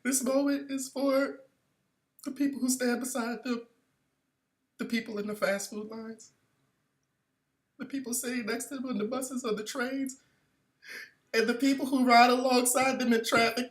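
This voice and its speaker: Tearful award-winner, as a man mimics one, high quavering voice, grand and overwrought. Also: normal speed, pauses often, sharp tone. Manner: weepy, overwrought, rising pathos.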